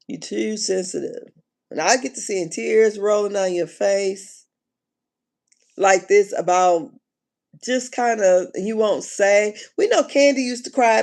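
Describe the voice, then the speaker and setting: A woman chatting casually on a live stream, animated and slangy, often laughing and exclaiming. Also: mid-range voice, vocal fry. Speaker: reality TV commentator.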